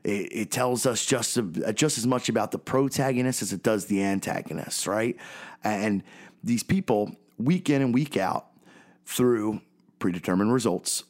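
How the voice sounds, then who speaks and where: A man's voice: on the low side, a little slow, a little mellow. A man with a Philadelphia accent hosting a podcast, talking casually and often checking in with "right?" and "okay?". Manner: chatty, frequent "right?" and "okay?" check-ins. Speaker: podcast host.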